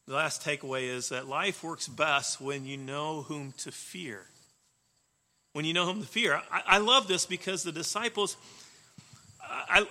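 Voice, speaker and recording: A man preaching a sermon in an animated way, swinging between loud emphasis and soft asides. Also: a little high. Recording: long reverb of a hall.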